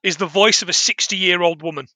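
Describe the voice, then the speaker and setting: A man's voice: sits high, brisk, background noise. A man chatting casually as a podcast co-host, rambling with frequent laughs and restarts. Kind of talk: casual film review chat.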